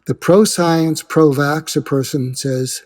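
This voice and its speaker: An earnest male guest speaking in a fairly high voice. He explains by acting out imagined conversations and often restarts his sentences. Long reverb trails behind his voice. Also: fairly even intonation, slow pace, darkish tone. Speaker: guest, suicide prevention expert. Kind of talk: conversational explanation with acted-out dialogue.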